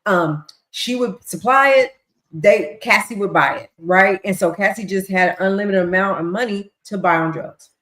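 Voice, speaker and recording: A woman's voice: medium pitch, normal speed, fairly bright tone. A woman hosting a livestream, casually recapping court testimony and acting out quotes as she goes. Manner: chatty, retells with voiced quotes and ad-libs. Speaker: livestream host. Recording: roomy echo.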